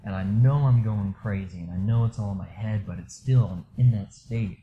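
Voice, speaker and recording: A man candidly telling a personal story in a casual, rambling way, full of fillers, going quiet at the low moments. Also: moderate pace, highs cut off, a little hiss or hum. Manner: candid, rambling, many fillers, drops soft when reliving low moments. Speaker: storyteller sharing a personal experience.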